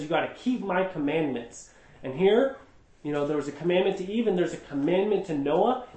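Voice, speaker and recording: A man's voice: fairly high pitch, darkish tone. A man teaching a group Bible study, emphatic and explanatory, often asking rhetorical questions. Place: indoor room with a group. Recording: echoey room.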